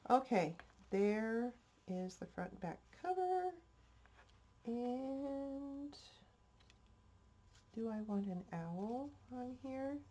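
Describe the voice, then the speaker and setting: An older woman hosts a crafting vlog, rambling along in a homespun, casual way with a slightly stuffy nose. Her voice sits fairly high and sounds mellow and expressive, and she takes her time speaking.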